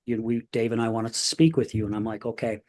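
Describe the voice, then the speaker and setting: A man's voice: on the low side, little pitch movement, fast, a little mellow. A man hosting a podcast in casual conversation, telling his own story openly and getting emotional. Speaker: podcast host.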